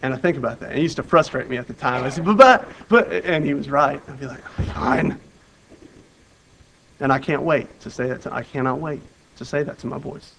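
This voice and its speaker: A man preaching a sermon in an earnest, conversational way. He repeats and restarts his phrases, and his delivery moves between loud urgency and quiet emphasis. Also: medium pitch, fairly even intonation, fast talker, creaky, a little hiss or hum, poor audio. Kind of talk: sermon with Bible reading.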